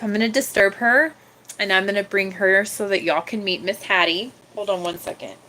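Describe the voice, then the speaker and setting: A young woman chatting casually on her livestream, often cooing at her cat in a soft baby-talk voice. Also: mid-range voice. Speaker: livestream host.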